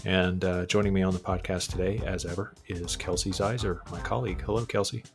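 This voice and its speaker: A man hosting a casual podcast, chatty and quick to laugh, with lots of fillers between his thoughts. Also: sits low, little pitch movement, faint music behind. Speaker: podcast host, editor.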